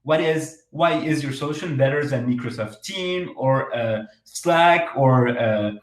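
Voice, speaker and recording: Man coaching startup pitches, roomy echo. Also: a little slow. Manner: frequent fillers and restarts, direct advice. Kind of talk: workshop talk.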